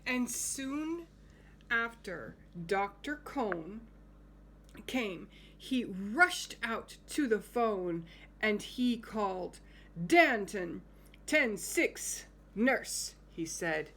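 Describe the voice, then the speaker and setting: A woman reading a picture book aloud to young children, gently stopping to point out the pictures and ask questions. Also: mid-range voice, lively intonation, drawn-out words, slight background noise. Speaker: home-school teacher.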